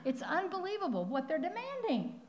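A woman teaching the Bible in a sermon style. She is conversational and animated, with asides and rhetorical questions. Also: extremely high pitch, fairly quick, a crowd in the background, low-quality recording.

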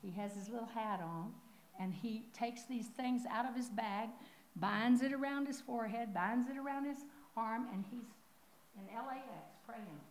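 A woman teaching the Bible in a sermon style. She is conversational and animated, with asides and rhetorical questions. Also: fairly high pitch, normal speed, a little hiss or hum, rough recording.

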